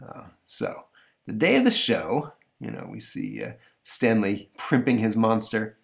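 Male podcast host, casual rambling retelling, lively pitch. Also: a little slow, gravelly. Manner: rambling, chuckling, lots of fillers. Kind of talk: casual comic review chat.

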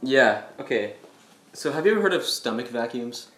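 A man's voice: medium pitch, expressive, normal speed, a bit bright, soft background music. Laid-back young man, echoey room. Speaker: podcast co-host. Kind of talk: casual chat. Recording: roomy echo.

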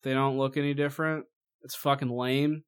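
A man in casual chat reviewing a movie, mocking and animated, swearing freely. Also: medium pitch, normal speed, clean tone.

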